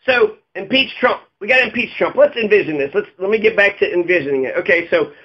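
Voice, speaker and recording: A man's voice: high voice, lively intonation, quick pace, dull audio. A man delivering a heated, profane political rant, full of sarcastic mocking asides. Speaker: political commentator. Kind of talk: ranting video monologue.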